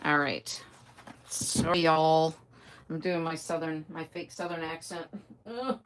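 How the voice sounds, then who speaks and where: An older woman with a somewhat low voice, chatting casually through a live stream. She greets viewers by name and answers their comments in a friendly, rambling way. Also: moderate pace, a bit bright, a little hiss or hum. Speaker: host.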